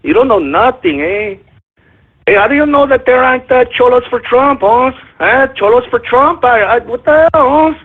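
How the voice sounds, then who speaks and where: A man's voice: high-pitched, level tone, a little fast, hardly any pauses, husky. A man voicing a swaggering streetwise guy who talks in slang and taunts his listeners, heard over a tinny phone-like line. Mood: taunting. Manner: slangy, challenging. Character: swaggering streetwise guy calling everyone Holmes.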